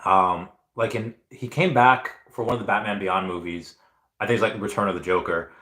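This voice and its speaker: A man's voice: fairly low pitch, fairly even intonation, moderate pace, bright, forceful tone. A man hosting a casual livestream, reading out viewer comments in a rambling, enthusiastic way with many fillers and restarts. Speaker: livestream host. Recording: roomy echo.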